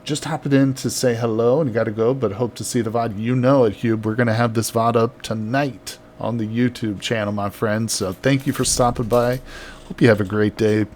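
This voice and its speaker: A man's voice: medium pitch, steady tone, moderate pace, darkish tone, slight background noise. A man chatting casually on a live game stream, reading out viewer messages and laughing often. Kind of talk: casual live-stream chat while building.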